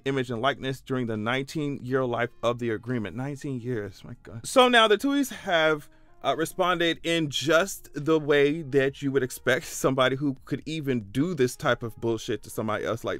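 A man giving casual reaction commentary, sassy and profane, breaking into high-pitched exclamations. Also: expressive, moderate pace, a bit bright, no echo, faint music behind. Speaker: commentary vlogger.

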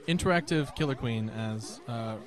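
Young male caster, dry and jokey, medium voice, loose riffing between plays. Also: mid-range voice. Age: young adult. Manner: dry, joking, rambling. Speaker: tournament commentator. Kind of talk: casual esports commentary.

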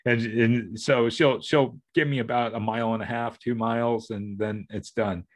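A man's voice: mid-range voice, fairly even intonation, normal speed. A middle-aged man co-hosting a podcast, chatting casually in a rambling way with many restarts and acted-out family quotes. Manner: rambling, restarting, acting out family members' lines. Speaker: podcast co-host. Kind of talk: casual chat.

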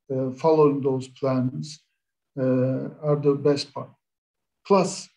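A middle-aged man speaking as a panelist in an online webinar, pausing often with "uh" as he talks. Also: medium pitch, darkish tone, lo-fi sound. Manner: hesitant, many "uh" fillers.

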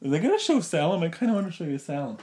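A man's voice: fairly high pitch, very fast, dark tone. Chatty man rambling in a casual vlog. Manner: chatty, rambling, laughs often. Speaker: vlogger.

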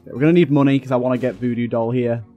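A man's voice: medium pitch, fairly even intonation, very fast, lo-fi sound, soft background music. A young man giving let's play commentary, swearing and breaking into frustrated outbursts. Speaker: gaming YouTuber.

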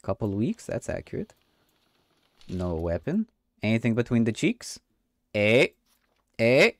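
A man's voice: on the low side, sing-song, a little slow, dry recording. A man streaming a game, joking in a mock-official inspector voice with a put-on accent and swearing. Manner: puts on a mock foreign accent. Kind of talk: comedic let's play commentary.

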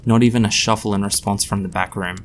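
A man reading his own story aloud in a measured, dry narration. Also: on the low side, steady tone, slight background noise.

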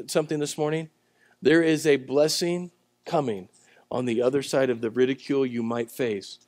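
A man preaching a sermon at a church service, telling the story in a conversational way and swinging between loud, emphatic lines and quiet ones. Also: medium pitch, no echo. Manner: conversational storytelling with acted-out voices. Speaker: pastor.

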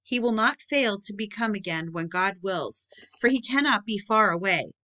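A woman reading the lines of a gentle medieval lady, soothing in archaic speech. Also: medium pitch, animated, moderate pace. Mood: consoling.

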